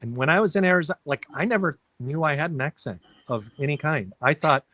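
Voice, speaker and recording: Bright-voiced man from Minnesota. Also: a little high, lively intonation, fast talker. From Minnesota, United States. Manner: curious, storytelling. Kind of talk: casual chat.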